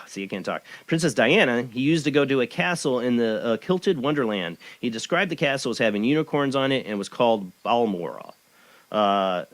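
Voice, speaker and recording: A man's voice: medium pitch, fairly bright tone, no echo. A man hosting a live webcast talk show, chatting in a rambling way and reading a news article aloud. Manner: chatty and rambling, with many fillers and restarts. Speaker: host.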